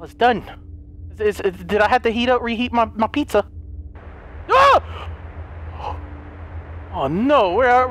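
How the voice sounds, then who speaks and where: A man narrating a horror game as he plays, jumpy and excitable, stammering and yelping when startled. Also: extremely high pitch. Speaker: gaming YouTuber. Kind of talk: horror game let's play commentary.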